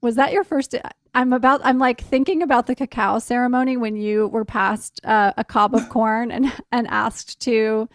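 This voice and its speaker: A woman's voice: fairly high pitch, steady tone, moderate pace, hardly any pauses, no room sound, studio quality. A woman hosting a podcast, guiding a casual interview and filling in context for listeners. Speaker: podcast host.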